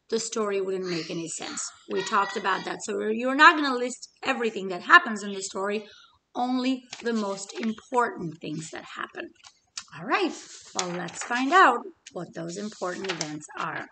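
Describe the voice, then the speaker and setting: A woman teacher reading a story aloud to children from her living room, slow and expressive. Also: a little high, noisy background. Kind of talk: read-aloud lesson for children.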